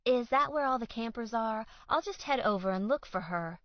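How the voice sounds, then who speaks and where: A woman's voice: on the high side, expressive, normal speed, dry recording, dull audio, voice pushed up, lightly acted. Exasperated young woman, polite but fed up, voiced by a female narrator. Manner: polite but irritated, sarcastic.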